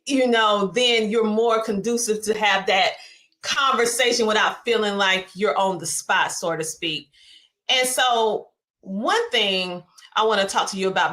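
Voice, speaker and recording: A woman's voice: medium pitch, sharp tone. A woman podcast host asking long, rambling questions in a chatty, casual way. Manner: rambling, chatty, lots of fillers.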